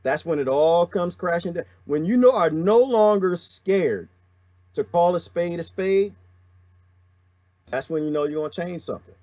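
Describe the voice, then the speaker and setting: A man's voice: high voice, animated, moderate pace, warm tone, no echo. A man hosting a livestream, reading viewer comments and delivering an impassioned, preachy rant full of emphatic repetition.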